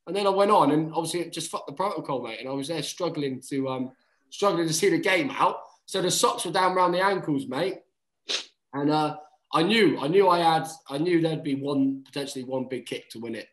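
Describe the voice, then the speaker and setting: A man in his thirties, a guest on a podcast, telling stories in animated casual chat. He swears freely and keeps saying "mate.". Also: fairly high pitch, fairly quick. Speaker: guest, rugby player. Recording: roomy echo.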